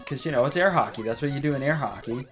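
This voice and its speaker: In a home room with faint music behind him, a young let's play host gives gameplay commentary in a mid-range, slightly bright voice, fast and animated. He chats casually, rambles off on tangents, and laughs often.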